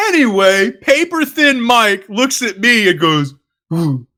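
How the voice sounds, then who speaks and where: Animated loud East Coast man, laughing. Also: very high voice, takes it slowly. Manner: animated, profane, laughing often. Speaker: podcast co-host. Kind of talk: casual storytelling chat.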